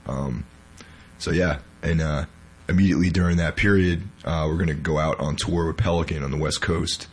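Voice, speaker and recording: Still unwell and weak-sounding, this male podcast host speaks with a very deep, husky voice, a steady tone, and a moderate pace. He rambles casually, leaning heavily on filler words.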